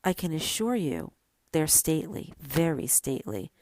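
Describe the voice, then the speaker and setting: A woman's voice: deep voice, sing-song, normal speed, darkish tone, no room sound. A thoughtful old stork, as a woman puts him on.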